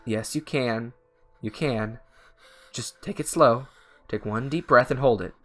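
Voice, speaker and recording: A man's voice: mid-range voice, unhurried, soft background music, lightly acted. A man voicing a close friend who talks someone through a panic attack in a soothing, reassuring way. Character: calm, caring close friend.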